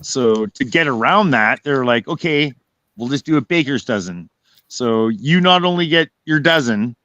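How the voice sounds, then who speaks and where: Relaxed guy, jokey and a little crude, dry close mic. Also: medium pitch, no echo, lo-fi sound. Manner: laid-back, joking, a bit crude. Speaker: guest in a live chat. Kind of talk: casual chat.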